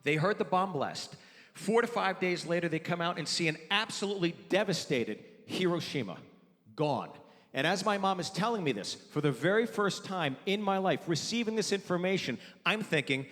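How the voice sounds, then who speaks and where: A man's voice: sits high, expressive, normal speed, a bit bright. A man doing a stand-up comedy set in a large theater, working the crowd with brash, mock-exasperated rants. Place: large theater with live audience. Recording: long hall reverb, audience noise.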